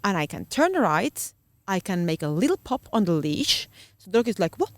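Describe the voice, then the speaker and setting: A woman's voice: lowish voice, big pitch swings, moderate pace, no room sound. Woman searching for words. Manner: searching for words, many fillers. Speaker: guest dog trainer. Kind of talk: casual podcast conversation.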